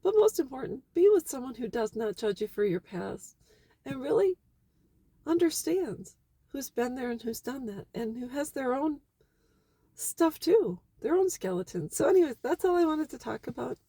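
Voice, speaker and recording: A woman's voice: high-pitched, very animated, moderate pace, dark tone, husky, no room sound. A middle-aged woman talking candidly and with feeling in a personal vlog about her family and marriage. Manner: candid, emotional and heartfelt. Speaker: vlogger.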